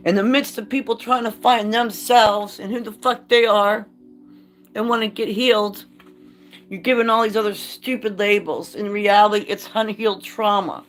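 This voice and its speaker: A woman's voice: medium pitch, fairly even intonation, moderate pace, faint music behind. A woman talking to camera in a candid vlog, blunt and profane, moving from reading aloud to an impassioned rant. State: choked up. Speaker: vlogger.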